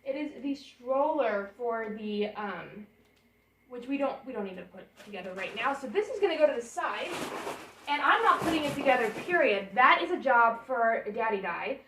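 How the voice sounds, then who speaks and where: A woman's voice: fairly high pitch, lively intonation, moderate pace. A young woman, chatting and rambling as she unpacks baby gear in her apartment bedroom for a home vlog. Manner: chatty and rambling, thinks aloud while unpacking. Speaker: vlogger. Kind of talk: casual vlog chat. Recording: roomy sound, camera a bit far off. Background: portable air conditioner hum.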